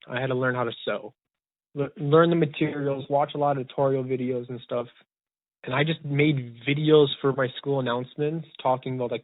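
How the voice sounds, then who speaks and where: Young male podcast host, rambling and excited; dead, narrow phone-quality audio. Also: mid-range voice, no echo. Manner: rambling, eager, many restarts. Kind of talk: casual storytelling chat. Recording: tinny phone-like dry sound.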